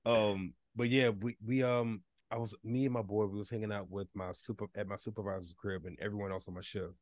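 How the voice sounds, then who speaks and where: A young man chatting on a podcast, telling a story in a laid-back, halting way with many fillers. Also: fairly low pitch, fairly even intonation, a little mellow, no echo, studio quality. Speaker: podcast co-host. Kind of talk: casual chat.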